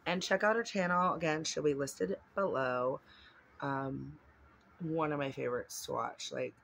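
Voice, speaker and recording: A woman's voice: sits low, a little slow, gravelly, a bit bright, slight background noise. A woman vlogger chatting casually while unboxing gifts at home, rambling and gushing with lots of fillers.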